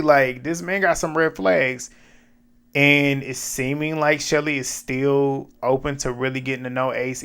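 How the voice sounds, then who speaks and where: Man casually recapping a reality show. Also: mid-range voice. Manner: animated retelling with quoted back-and-forth and asides.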